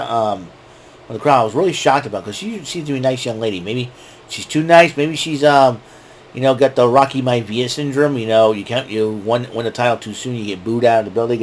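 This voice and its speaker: A man hosting a casual wrestling recap, rambling and excitable, often restarting his sentences. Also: mid-range voice, a little hiss or hum. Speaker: show host.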